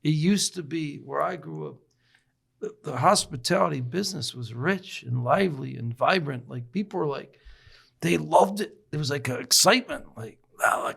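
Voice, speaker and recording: Male co-host, gravelly and slightly high voice, profane and joking banter. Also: fairly bright tone. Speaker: podcast co-host. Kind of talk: casual podcast chat.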